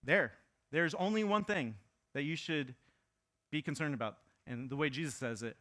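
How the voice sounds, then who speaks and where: A bright, clear-toned man in his thirties delivers a sermon like a chat with his congregation. He mixes in little asides and fillers, then pushes his voice up to act out quoted complaints. His pitch sits in an ordinary middle range. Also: normal speed. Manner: conversational preaching with fillers and asides; acts out quoted lines in a raised voice. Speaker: pastor.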